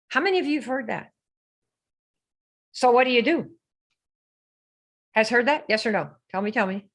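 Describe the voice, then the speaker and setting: Her mid-range voice is animated and a bit bright, moving at a moderate pace as she hosts a live online sales coaching session. She peppers the audience with rhetorical questions and mocks typical sales posts in a sing-song tone when quoting them.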